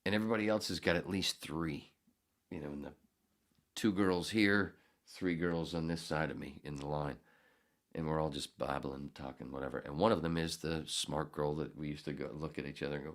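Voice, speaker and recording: Very deep-voiced profane man telling a story. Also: fairly quick. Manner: profane, sarcastic storytelling with loud acted-out outbursts. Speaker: podcast host. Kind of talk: casual storytelling monologue.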